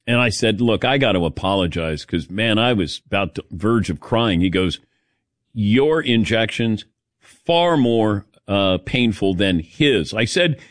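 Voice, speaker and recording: A man hosting a sports radio show, telling lively personal stories and acting out other people's lines. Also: fairly low pitch, a little slow, dry recording, clean studio sound. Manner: animated storyteller, acts out quotes. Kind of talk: casual sports radio chat.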